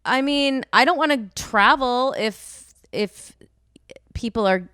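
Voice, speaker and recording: A woman co-hosting a relationship podcast in casual, dry, low-key banter. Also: takes it slowly, pushed and bright, clean tone, dry recording. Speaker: podcast co-host.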